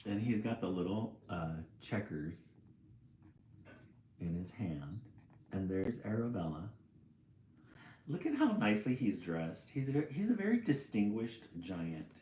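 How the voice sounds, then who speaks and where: A man reading a picture book aloud on a livestream, chatty and quick to laugh, greeting viewers between pages. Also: lowish voice, sing-song, mellow, slight background noise. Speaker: storyteller and livestream host. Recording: roomy echo.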